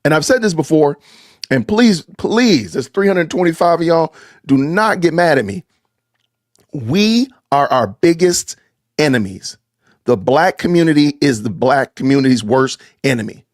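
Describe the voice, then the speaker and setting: A man's voice: a little high, measured pace, dry recording, clean studio sound. A man hosting a podcast livestream, reacting to clips with emphatic commentary and repetition for stress. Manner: emphatic, animated, repeats points for stress. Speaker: podcast host.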